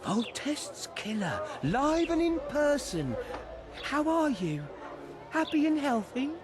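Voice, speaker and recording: A man voicing a smug male bounty hunter in a video game, with a mocking, menacing, drawn-out delivery. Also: extremely high pitch, big pitch swings, exaggerated voice.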